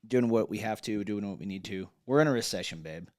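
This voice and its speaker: Low-voiced man, rambling podcast co-host. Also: fairly quick, darkish tone, no echo, clean studio sound. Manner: rambling, jokey, trails off and restarts. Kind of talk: casual chat.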